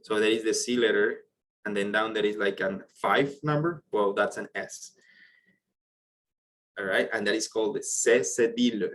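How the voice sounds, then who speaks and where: A man's voice: on the low side, fairly even intonation, moderate pace, fairly bright tone, a little hiss or hum, rough recording. A man teaching French in an online class, explaining pronunciation step by step and praising students' questions, speaking English with non-native phrasing over a computer mic.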